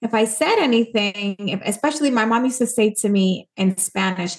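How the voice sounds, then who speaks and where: Speaking at medium pitch and normal speed, this woman from Puerto Rico is an author and guest in a casual interview. She is earnest and emphatic, voicing the people she quotes.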